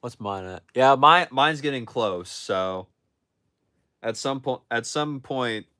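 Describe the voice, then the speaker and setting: A man's voice: mid-range voice, lively intonation, takes it slowly, bright, forceful tone, smooth. A young man chatting casually on a livestream from his phone, answering viewer questions with frequent restarts and self-corrections. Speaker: livestream host answering chat.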